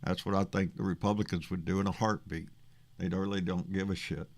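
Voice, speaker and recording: A Texan man with a fairly low voice hosts a loose political livestream and chats his way through viewer comments. He rambles, curses often and trips over repeated words as he talks. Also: steady tone, brisk, creaky. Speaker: livestream host. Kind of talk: casual political livestream chat, reading chat comments.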